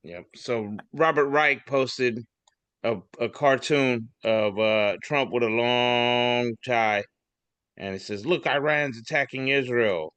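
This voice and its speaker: A man's voice: medium pitch, takes it slowly, a bit bright, smooth, dry recording. A man co-hosting a casual podcast, reading memes aloud in a rambling, swearing, laughing way. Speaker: podcast co-host.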